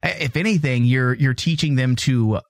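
A man's voice: medium pitch, moderate pace, dry recording. A man co-hosting a casual podcast, talking emphatically and repeating points to stress them. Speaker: podcast co-host.

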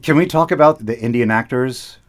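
A man's voice: mid-range voice, fairly quick. A man who hosts public radio, talking in casual conversation and often repeating words as he thinks aloud. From United States. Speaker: public radio host, guest.

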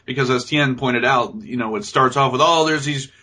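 A man's voice: medium pitch, moderate pace, sharp tone. A man co-hosting a casual movie review, sarcastically mocking scenes and acting out lines in goofy voices. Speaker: podcast co-host.

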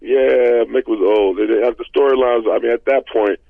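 A man in his thirties, a former football player as guest, telling stories in relaxed chat with many fillers, heard over a phone line. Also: medium pitch, moderate pace, gravelly, no room sound. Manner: conversational storyteller, many fillers. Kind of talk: casual interview talk.

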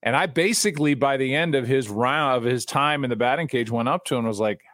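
A middle-aged man, a broadcaster, telling stories in casual chat, animated and restarting his sentences. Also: medium pitch, quick pace, dry recording, studio quality. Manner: animated, repeats words when starting sentences. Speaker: guest broadcaster. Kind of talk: casual storytelling.

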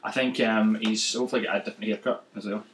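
A man's voice: on the low side, fairly even intonation, fast, fairly bright tone, echoey room, a little hiss or hum, rough recording. A man, a podcast co-host, rambling through stumbling retellings in casual chat and laughing a lot.

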